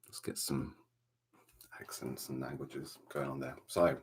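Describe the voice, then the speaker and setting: A man with a Welsh accent hosting a relaxed ASMR livestream from a dark room at home, chatting softly and greeting viewers by name. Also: a bass voice, moderate pace, slightly rough. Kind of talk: soft-spoken ASMR chat.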